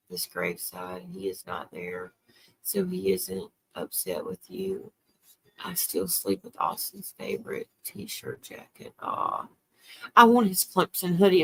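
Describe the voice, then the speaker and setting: Older woman hosting her own livestream, gravelly and bright, emotional and chatty. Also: lowish voice, slight background noise. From South Carolina. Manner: emotional, tearful, reads and answers viewer comments. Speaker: livestream host. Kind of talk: casual livestream chat.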